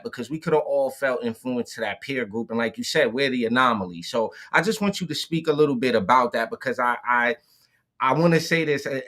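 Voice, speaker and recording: A man's voice: medium pitch, fairly bright tone. A man co-hosting a podcast, asking a guest casual, searching questions. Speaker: podcast co-host. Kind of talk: interview conversation.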